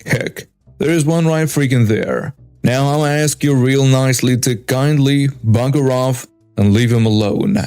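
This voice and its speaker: A man's voice: mid-range voice, a little slow, dark tone, clear, resonant tone, faint music behind, close to an everyday voice. A man narrating a story, voicing a stern young man with a Scottish accent.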